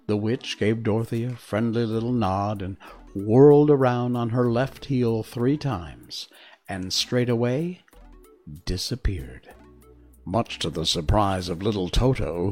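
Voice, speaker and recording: A man reading a children's classic aloud on a stream, then chatting with viewers in an unhurried, wry way. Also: fairly low pitch, darkish tone. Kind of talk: storybook narration and casual stream chat.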